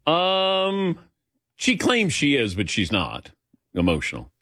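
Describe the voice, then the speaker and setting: A man's voice: on the high side, wildly swooping pitch, slow pace, a bit bright, no echo, studio quality. A man in his sixties hosting a call-in sports radio show, chatty and laughing often. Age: 60s.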